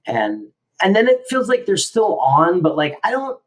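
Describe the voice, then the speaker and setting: A man's voice: sits high, wildly swooping pitch, moderate pace. A man co-hosting a podcast, chatting casually and thinking aloud in a loose, rambling way. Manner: rambling, many fillers, reflective. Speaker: podcast co-host. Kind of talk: casual conversation.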